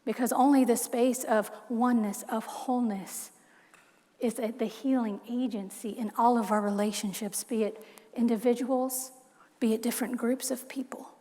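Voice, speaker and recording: A woman minister preaching a heartfelt sermon in a soft, measured voice. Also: a little high, fairly even intonation. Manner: heartfelt, soft-spoken, slow measured reading. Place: church sanctuary. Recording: long church hall reverb.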